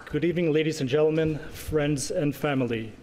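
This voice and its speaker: A man presenting an award at a gala, speaking earnestly with pauses and small asides. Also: a little high. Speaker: award presenter, organization president. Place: large banquet hall. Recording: echoey banquet hall with faint noise.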